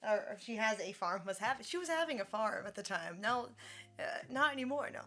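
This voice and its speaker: A woman livestreaming, chatting casually, thanking subscribers and talking in a high sing-song baby voice to her dog. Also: expressive, brisk, a bit bright.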